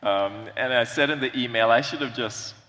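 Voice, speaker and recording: A man's voice: mid-range voice, pushed and bright, long reverb tail, slight background noise. Candid, reflective man on a panel. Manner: thoughtful, candid, halting. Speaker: panel speaker. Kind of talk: reflective onstage panel talk.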